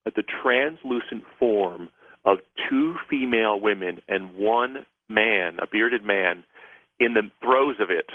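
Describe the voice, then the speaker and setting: A man's voice: lowish voice, takes it slowly, dry recording. Man telling a story over a tinny phone line. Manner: rambling, many restarts while describing. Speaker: guest author and psychic. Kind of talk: phone-in radio interview storytelling.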